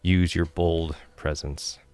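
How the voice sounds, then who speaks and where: Game master, male, very low smooth voice, chatty rules talk, dry close mic. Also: little pitch movement, slow, darkish tone, no echo. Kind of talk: running a tabletop game.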